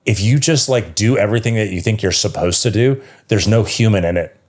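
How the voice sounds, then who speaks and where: A man in his thirties with a notably low, deep voice, speaking as a guest on a casual podcast. He tells his story with passion and swears freely. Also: fairly quick, darkish tone. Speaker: podcast guest, yoga teacher and connection coach.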